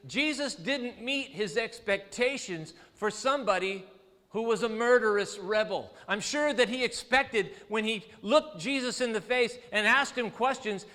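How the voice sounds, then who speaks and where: A male pastor preaching a sermon, telling the story with lively, acted-out quotes. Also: high-pitched, long reverb tail. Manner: animated storytelling preacher, acts out quoted voices. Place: church sanctuary.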